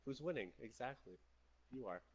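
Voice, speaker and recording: A male streamer joking crudely with a friend over a game. His pitch swings widely as he teases and riffs. He laughs often between lines. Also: lively intonation, moderate pace, highs cut off. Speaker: livestreaming gamer. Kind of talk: casual gameplay chat.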